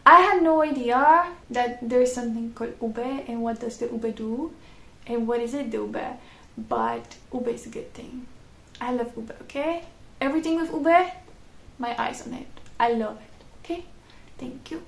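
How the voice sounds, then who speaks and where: Brief: young woman vlogger, high gravelly voice, chatty storyteller, echoey room. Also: moderate pace, a bit bright. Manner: chatty, laughing often, frequent "like" fillers. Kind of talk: casual storytelling.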